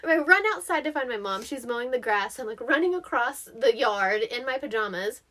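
A young woman co-hosting a podcast, talking in a relaxed, chatty way. Her voice sits a little high and swings widely in pitch as she tells a story. She laughs often and acts out what people said. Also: a little fast. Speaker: podcast co-host. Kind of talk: casual podcast chat.

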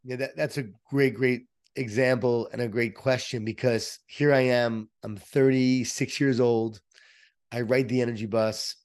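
A middle-aged man, an author being interviewed, telling stories in an energetic, emphatic motivational way. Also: mid-range voice, a little slow. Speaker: author and guest. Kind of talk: interview, storytelling.

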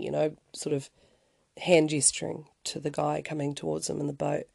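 A man's voice: a little high, flat delivery, brisk, creaky, a little mellow, dry recording. A man hosting a podcast, telling a story in a casual, rambling way with many restarts and wry asides. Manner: conversational, rambling, frequent restarts and "you know". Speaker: podcast host.

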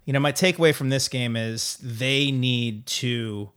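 A man's voice: mid-range voice, unhurried, fairly bright tone. A man co-hosting a casual sports podcast, joking and rambling with lots of fillers. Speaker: podcast co-host.

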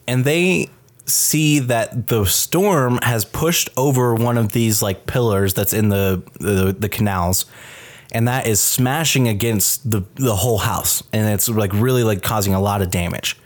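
A man hosting a podcast, retelling a film scene in casual chat, animated and profane. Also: mid-range voice. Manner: animated, profane storytelling with many fillers. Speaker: podcast host reviewing a film.

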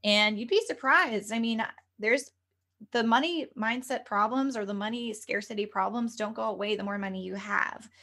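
A woman's voice: fairly high pitch, normal speed, bright, forceful tone. A woman speaking as a guest medium and spiritual coach on a podcast, talking earnestly and chattily, full of "like" and "you know". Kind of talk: conversational podcast interview.

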